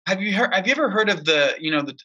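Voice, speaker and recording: A man with a high, very bright and piercing voice argues with emphatic insistence, hammering his points by repeating them. He talks in a casual, heated political chat. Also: lively intonation, very fast, breathy edge, lo-fi sound. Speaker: podcast co-host.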